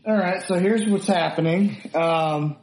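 Male co-host, slightly high voice, relaxed slow pace, teasing; roomy echo. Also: a crowd in the background. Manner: teasing, playful. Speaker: podcast co-host. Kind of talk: casual chat.

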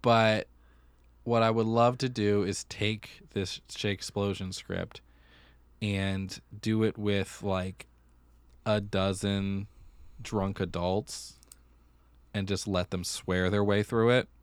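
A man's voice: lowish voice, flat delivery, takes it slowly, clear, resonant tone, dry recording. A man co-hosting a podcast in casual chat, reacting with playful quips. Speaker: podcast co-host.

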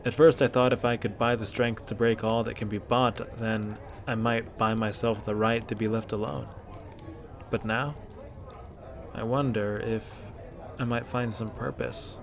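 A man's voice: mid-range voice, little pitch movement, a little slow, natural voice. A man doing a weary, formal hunter. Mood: thoughtful. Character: tired young male hunter, formal-spoken.

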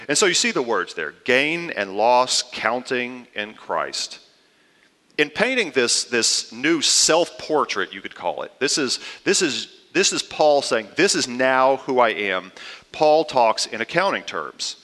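A man's voice: mid-range voice, sing-song, a little slow, sharp tone, in a large hall. A man preaching a sermon to his congregation, conversational and playful, with fillers and asides. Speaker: pastor.

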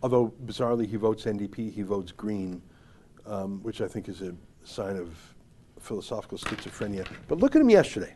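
A man's voice: lowish voice, expressive, brisk, warm tone, slight background noise. A man hosting a commentary show, giving opinionated political commentary in a sarcastic, emphatic, mocking way.

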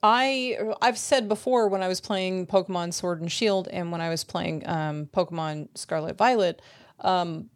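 A woman's voice: fairly low pitch, unhurried, no echo, clean studio sound. A woman co-hosting a casual chat podcast, talking in a loose, rambling way with lots of "like" fillers. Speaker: podcast co-host.

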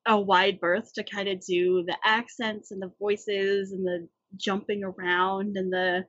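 Husky-voiced woman recapping a movie. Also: medium pitch, unhurried, dry recording. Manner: animated storyteller, recaps scenes in detail. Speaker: podcast co-host. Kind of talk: casual movie discussion. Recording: dull lo-fi audio.

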